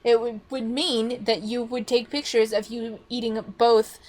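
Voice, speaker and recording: A woman giving casual reaction commentary on a podcast, talking bluntly and argumentatively, swearing freely, her voice starting to go hoarse. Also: a little high, little pitch movement, measured pace.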